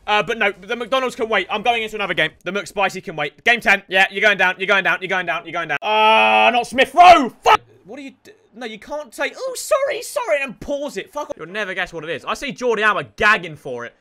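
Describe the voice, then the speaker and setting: A young man commentating on his own football video game, excitable and sweary, often shouting at the players. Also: very high voice. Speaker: gaming streamer. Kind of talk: live gameplay commentary.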